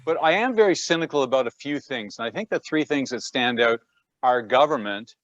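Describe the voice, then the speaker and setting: A man's voice: mid-range voice, lively intonation, brisk, a bit bright, no room sound, dull audio. A Canadian man, a personal trainer, chatting as a guest from his home gym, self-deprecating and prone to repeating words. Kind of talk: casual conversation.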